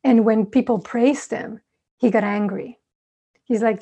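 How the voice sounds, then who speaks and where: A woman meditation teacher giving a dharma talk, telling stories in a relaxed, conversational way with thoughtful asides. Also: a little high, measured pace, husky.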